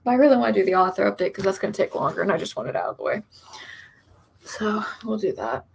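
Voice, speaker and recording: A young woman streamer chats in a loose, rambling way, reading out viewer comments between her own asides. Her voice sits at a middle pitch with a gravelly, creaky edge. She talks casually and fills pauses with little sounds. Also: a little hiss or hum. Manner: chatty, rambling, many fillers, reads comments aloud. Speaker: author streamer.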